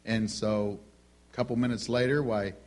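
A middle-aged man preaching a sermon, telling stories with lively delivery and acting out the voices of the people in them. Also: fairly low pitch, moderate pace. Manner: animated storytelling, acts out quoted voices.

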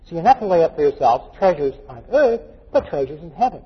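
A man's voice: fairly high pitch, sing-song, fairly quick, slightly rough. A male pastor preaching a folksy, joking sermon full of anecdotes, recorded in a dull, echoey church hall. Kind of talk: storytelling sermon.

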